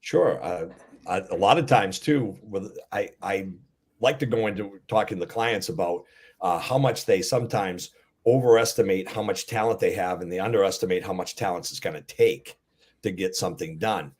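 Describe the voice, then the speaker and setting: Male coach guest, low husky voice, hesitant casual delivery. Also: moderate pace. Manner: hesitant, fillers and restarts. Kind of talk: casual panel answer.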